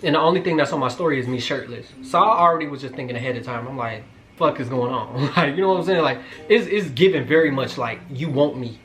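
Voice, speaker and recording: A young man in his twenties telling a casual storytime, joking and slangy, with quick asides to his viewers. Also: a little high, a bit bright. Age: 20s. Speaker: vlogger.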